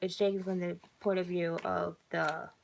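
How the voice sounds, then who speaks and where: A woman's voice: lowish voice, level tone, normal speed, creaky, a little hiss or hum, rough recording. A woman casually reading her own horror story aloud, giggling and breaking off to comment on it.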